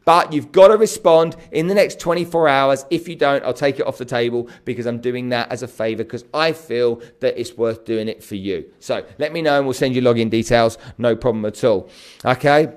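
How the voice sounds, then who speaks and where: An energetic man, hosting a live stream to viewers and often checking in with "okay?". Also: medium pitch, brisk, clean tone. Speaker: host.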